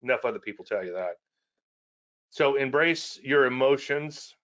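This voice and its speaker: A man's voice: medium pitch, lively intonation, normal speed, fairly bright tone, highs cut off. Folksy Cajun man presenting to traders. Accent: Cajun Louisiana. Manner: repetitive, folksy, self-deprecating asides. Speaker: trading educator presenting.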